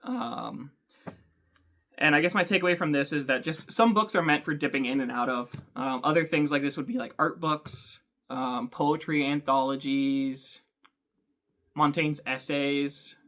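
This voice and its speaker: Bright-voiced man musing on books. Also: a little high, a little slow. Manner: thoughtful, hesitant, many ums. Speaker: book channel host. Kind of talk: casual talk to camera.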